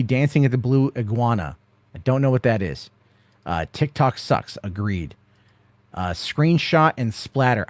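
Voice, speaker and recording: A man's voice: mid-range voice, no echo. A man hosting a casual late-night stream and answering viewer questions one after another. His talk rambles and swears freely, with lots of filler as he moves through the list. The voice sits in an ordinary middle range and is recorded dry and close, with no room sound. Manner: rambling, profane, reads viewer questions aloud. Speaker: host answering chat questions. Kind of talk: casual live-stream chat.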